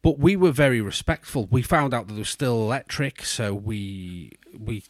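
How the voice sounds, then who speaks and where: A man's voice: mid-range voice, expressive, moderate pace, no room sound. A middle-aged man, telling a long, rambling story in casual podcast chat, full of restarts and fillers. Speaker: podcast co-host.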